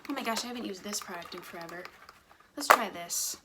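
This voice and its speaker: A woman's voice: medium pitch, quick pace, very noisy. A woman in her thirties chatting casually through a get-ready-with-me vlog, rambling and sometimes dropping to a whisper, filmed close on a phone at home. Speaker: beauty vlogger. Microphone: phone camera close up.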